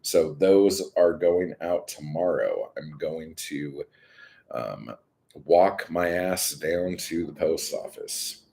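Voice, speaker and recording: A man with a very low voice chats in a slow, unhurried ramble. His talk is profane and full of fillers as he drifts from one topic to the next on a live stream. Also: expressive, gravelly, mellow, breathy edge. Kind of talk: casual rambling chat.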